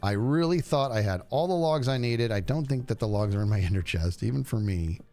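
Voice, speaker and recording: A man's voice: medium pitch, animated, a little fast, warm tone, faint music behind. A man streaming a game, chatting casually and rambling to his viewers. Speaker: livestreamer. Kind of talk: casual gameplay stream chat.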